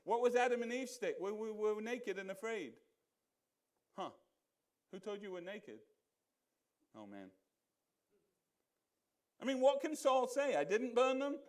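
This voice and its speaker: A man with a notably high voice preaching a conversational sermon in a church. He keeps putting questions to the congregation and drops into a low mutter when he quotes people. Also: sing-song, a little slow, pauses often. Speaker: pastor. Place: church sanctuary.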